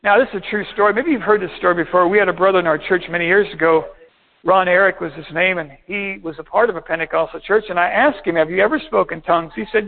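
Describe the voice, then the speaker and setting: A man preaching a sermon as pastor, reading verses and explaining them steadily, slowing down to stress key points. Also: sits high. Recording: tinny phone-like sound.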